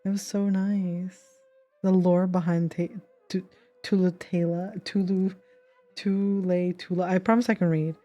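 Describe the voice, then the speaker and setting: A woman in her twenties chats through a game as a streamer, emotional and tripping over names. Her voice is mellow and fairly low, and she talks slowly. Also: level tone, lo-fi sound, soft background music. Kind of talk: casual reaction chat.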